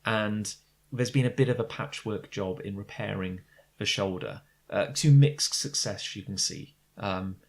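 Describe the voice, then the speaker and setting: Rambling low-voiced male game master. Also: measured pace, gravelly. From Britain. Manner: rambling, many fillers and restarts. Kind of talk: narrating a tabletop game.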